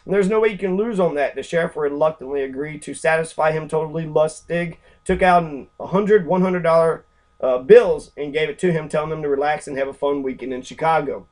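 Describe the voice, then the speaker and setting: Rambling, profane man with a slightly high voice. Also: fairly even intonation, a little fast, darkish tone. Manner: rambling, profane, with many fillers; acts out quoted characters in brief voices. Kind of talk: reading a book aloud and commenting casually.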